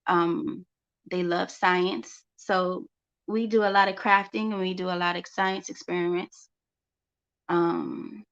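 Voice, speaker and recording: A woman's voice: fairly low pitch, a bit bright. A woman, a homeschooling mother, chatting casually on a vlog and repeating phrases for emphasis. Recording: dull lo-fi recording.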